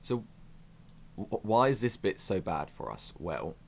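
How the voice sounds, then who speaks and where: A man's voice: fairly low pitch, big pitch swings, unhurried, creaky, a little mellow. A man giving casual, self-mocking commentary as he plays a strategy game on his channel. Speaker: gaming YouTuber.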